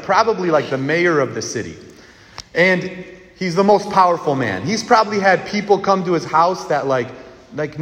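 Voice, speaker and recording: A man preaching a lively sermon to children, leading them in call-and-response. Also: high-pitched. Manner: animated, leads call-and-response shouting. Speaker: priest. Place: church. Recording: echoey church hall.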